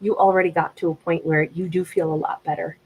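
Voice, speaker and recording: A woman giving a gentle, reflective tarot reading in a conversational way. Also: lowish voice, steady tone, fast talker, slight background noise, poor audio. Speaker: tarot reader.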